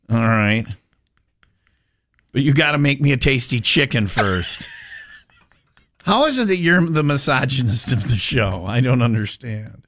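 A man's voice: medium pitch, a bit bright, no room sound. A man hosting a radio show, joking and teasing in a mock-chauvinist bluster.

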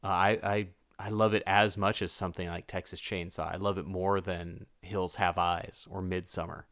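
A man's voice: sits low, level tone, moderate pace, a bit bright, no echo. Dry-voiced man riffing on horror films. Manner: jokey, acts out silly voices mid-story. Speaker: podcast co-host. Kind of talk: casual movie review chat.

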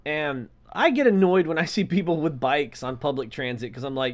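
A man co-hosting a podcast, telling a story in casual chat and acting out the characters' lines with lively voices. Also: fairly high pitch, normal speed, few pauses. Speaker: podcast co-host.

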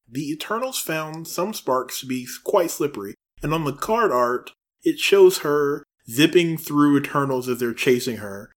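A male podcast co-host talks in relaxed, cheerful chat. He gushes with delight and uses casual fillers. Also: mid-range voice.

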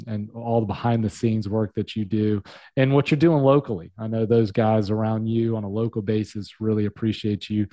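A man's voice: lowish voice, dark tone, no room sound. A man hosting a podcast, chatting casually with his guest and calling him brother. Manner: friendly, calls guest brother. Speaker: podcast host. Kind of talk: casual interview.

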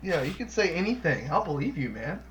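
A man's voice: on the high side, very animated, brisk, a bit bright, poor audio. A man joking and teasing his friends in casual chat. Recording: faint background noise.

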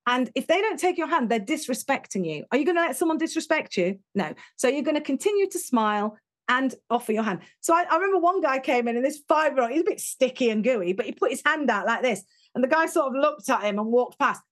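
A British woman talking in an interview, telling stories in an animated, emphatic way and acting out what people said. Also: high voice, fast talker. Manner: animated, emphatic storyteller who acts out quotes. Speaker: interview guest, education speaker. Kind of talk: conversational interview.

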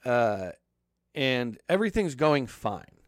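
A man's voice: mid-range voice, slow pace, no echo, studio quality. Man recapping a movie, casual and profane. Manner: profane, animated storytelling with acted-out quotes.

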